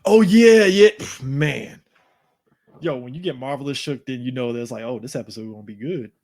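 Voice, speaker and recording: A man's voice: medium pitch, steady tone, a little fast. A man co-hosting a casual fan podcast, laid-back, laughing and swearing as he quotes characters. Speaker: podcast co-host.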